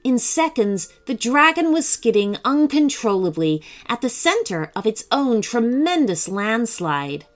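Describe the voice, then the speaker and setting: A woman narrating a children's story in an expressive, animated way, with soft music behind. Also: a little high, a little slow, few pauses.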